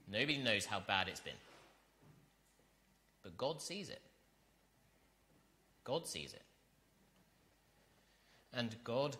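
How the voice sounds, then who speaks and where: A man's voice: fairly low pitch, sharp tone. A man preaching an earnest sermon, reading scripture and building to emphatic repetition.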